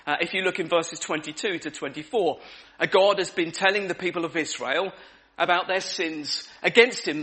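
A man delivers a sermon in a high, bright and forceful voice. He talks in a relaxed, conversational way, with frequent ums, and repeats his key words to drive them home. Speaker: preacher. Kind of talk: evening sermon.

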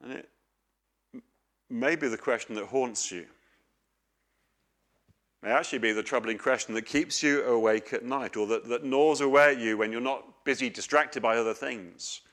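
A middle-aged man preaches a sermon in an earnest, questioning way. He asks questions and tells homely stories. His voice sits at an ordinary pitch for a man. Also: normal speed, long pauses, a bit bright.

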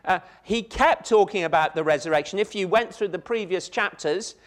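A man's voice: high voice, normal speed. A man preaching a sermon, emphatic, repeating key phrases and speaking straight to his listeners. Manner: addresses the listeners directly.

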